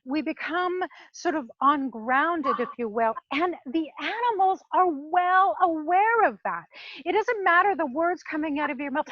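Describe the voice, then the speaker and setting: A woman with a high voice teaches volunteers through a hands-on demonstration. She talks in an animated way, laughing often and acting out what the animals might be thinking. The sound is dry and slightly dull. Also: unhurried, no echo. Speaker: volunteer trainer. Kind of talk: instructional demonstration. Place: farm sanctuary.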